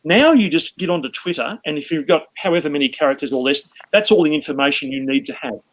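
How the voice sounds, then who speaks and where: Male guest, higher-pitched, opinionated and plain-spoken in chat. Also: quick pace, fairly bright tone, low-quality recording. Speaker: guest cartoonist. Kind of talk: casual panel chat.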